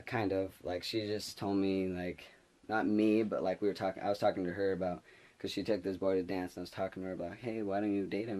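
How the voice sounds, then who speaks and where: Young man, slightly low voice, casual storytelling vlog, rambling, filler-heavy, restarts a lot. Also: darkish tone. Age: young adult. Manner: drops to a whisper for quoted asides. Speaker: vlogger.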